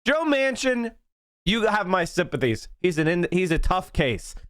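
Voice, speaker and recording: Male live-stream political ranter: high voice, wild swings in pitch, fiery and profane, shouts often, dry close mic. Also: lively intonation, normal speed, no room sound. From Pennsylvania. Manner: heated, profane ranting that often breaks into shouting.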